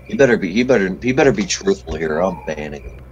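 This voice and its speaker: A man playing a co-op shooter, loud and excitable, yelling and swearing as he plays. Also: deep voice, fast talker, highs cut off, a little hiss or hum. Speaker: gamer. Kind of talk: casual co-op game chat.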